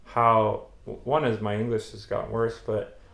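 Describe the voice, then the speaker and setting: A man's voice: fairly low pitch, level tone, moderate pace, vocal fry, a bit bright. A man co-hosting a podcast, chatting casually and telling stories with laughs. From United States. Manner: storytelling, laughs often. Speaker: podcast co-host. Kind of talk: casual chat. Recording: echoey room.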